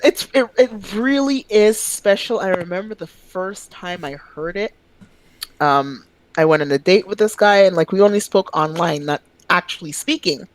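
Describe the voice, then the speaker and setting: A woman from Quebec chats on a podcast in a somewhat low voice. She tells animated stories, bursts into sudden high-pitched exclamations and swears freely. The sound is dry and close, with no room echo. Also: normal speed. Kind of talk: casual chat.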